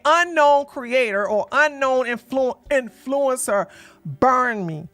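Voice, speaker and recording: A high-pitched woman with lively intonation speaks slowly in a slightly bright voice. She hosts a casual livestream, rambling in a flustered way while sorting out her setup, and is blunt and sassy with her chat, cursing mildly.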